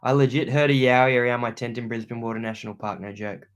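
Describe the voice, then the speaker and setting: A man's voice: mid-range voice, quick pace. A young Australian man hosting a livestream from a room at home, reading viewer comments aloud and thanking them in laid-back slang. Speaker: outdoor channel host.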